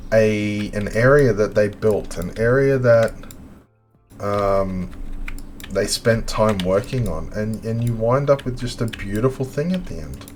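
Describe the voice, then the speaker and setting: A man casually chatting on a game stream as he explores, excitable and talkative, often exclaiming. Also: on the low side.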